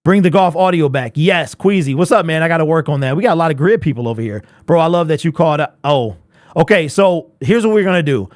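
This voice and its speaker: A young man hosting a casual sports fan live stream, animated and chatty, answering viewers in chat. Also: on the high side, quick pace, no room sound, clean studio sound. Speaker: host of a fan livestream.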